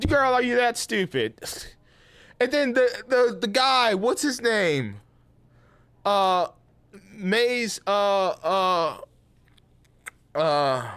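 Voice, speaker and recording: A man's voice: a little high, a bit bright, no room sound. A young man streaming a game while ranting casually and with exasperation, often restarting his sentences and laughing. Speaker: gaming streamer. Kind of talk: casual live-stream rant.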